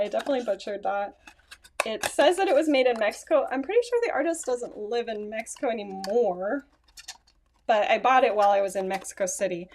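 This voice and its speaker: A woman's voice: medium pitch, a little mellow, a little hiss or hum. A woman casually chatting to her phone camera at home, rambling and correcting herself with small laughs. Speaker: vlogger. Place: at home, indoors.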